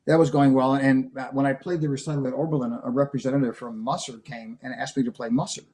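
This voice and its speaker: A man's voice: mid-range voice, little pitch movement, quick pace, darkish tone. A man being interviewed, telling long personal stories in a rambling, conversational way, full of fillers and acted-out quotes. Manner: acts out quoted dialogue. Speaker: interview guest, percussion professor. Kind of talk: conversational storytelling.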